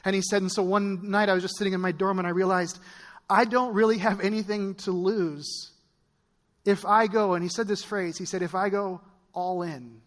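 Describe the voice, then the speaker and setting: High-voiced pastor in a reverberant hall. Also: male voice, steady tone, a little fast. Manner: casual, rambling storytelling with many fillers. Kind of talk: sermon. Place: church auditorium. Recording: long reverb of a large church hall.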